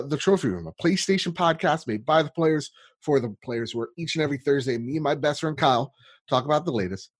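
Man, podcast guest, husky voice, dry close sound, animated, swears a lot. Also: medium pitch, no room sound. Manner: animated, profane, laughs easily. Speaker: guest, gaming podcast host. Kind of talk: casual podcast chat.

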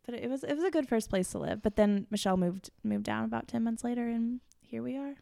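Young Midwestern woman guest, a bit high, gravelly fry, bubbly and giggly, casual chat. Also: fast, warm tone. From Kansas City area, USA. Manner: bubbly, laughs often, lots of "like".

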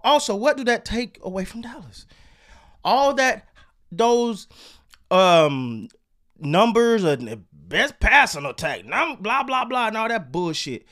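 A man ranting casually about football and basketball, animated, swearing and repeating himself. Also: high-pitched. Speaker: sports commentator. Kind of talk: casual sports rant.

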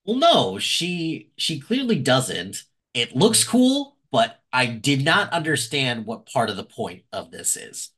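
Male co-host, wry and sarcastic, bright animated delivery. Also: medium pitch, takes it slowly, slightly rough. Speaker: podcast co-host. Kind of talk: casual recap chat.

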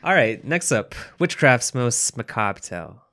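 A man's voice: mid-range voice, sing-song, unhurried, sharp tone. Laid-back male podcast co-host, conversational and amused. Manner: easygoing, laughs often, reads out quotes. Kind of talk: casual chat.

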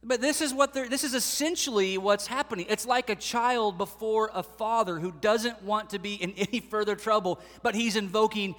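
Animated man preaching in a reverberant hall. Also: high-pitched, moderate pace, few pauses. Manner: animated, acts out voices of people he quotes. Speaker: pastor. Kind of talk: sermon.

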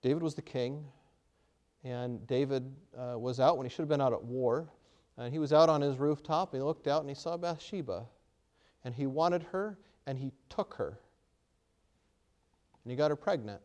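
A man preaching with a smooth, resonant voice of middling pitch. He retells a story dramatically, bursting into loud emphatic peaks, and stumbles through frequent restarts. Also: normal speed, pauses often. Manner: hesitant restarts and fillers. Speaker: pastor. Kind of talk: sermon.

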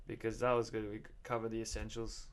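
A young man co-hosting a podcast, chatting casually and teasing his friend in a relaxed way. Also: on the low side, fast, smooth. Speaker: podcast co-host. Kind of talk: casual chat.

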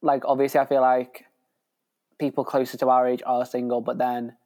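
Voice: medium pitch, level tone, normal speed, darkish tone. A young podcast co-host from the UK bantering bluntly and sassily in casual chat. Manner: blunt, sassy, dismissive banter.

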